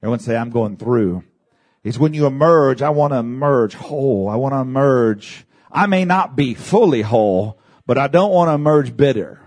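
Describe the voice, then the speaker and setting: A male pastor delivering a sermon, calling out to the congregation and rising to shouts at the peaks. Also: expressive, moderate pace. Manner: preaching with big swings in pitch, shouting at peaks; addresses congregation with calls of amen.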